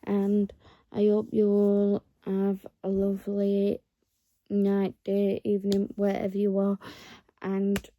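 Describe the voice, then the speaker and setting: A woman talks to her viewers in an unhurried, rambling vlog, earnest and encouraging. Her voice is deep-toned and very mellow, with little rise and fall. It sounds close and dry, with no room around it. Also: monotone, no room sound. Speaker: vlogger. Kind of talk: casual talk to camera.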